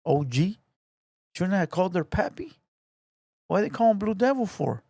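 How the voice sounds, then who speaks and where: A man's voice: high voice, big pitch swings, measured pace, vocal fry, dark tone, no echo. A man ranting to camera, taunting and repeating himself in a confrontational way. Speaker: online commentator. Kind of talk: heated rant to camera. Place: home garage.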